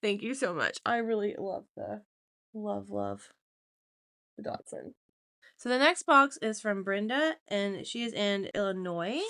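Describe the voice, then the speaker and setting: A woman hosting a crafts video, chatting casually and gushing with warm emotion over each item. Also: mid-range voice, big pitch swings, unhurried. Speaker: podcast host. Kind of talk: casual chat to camera.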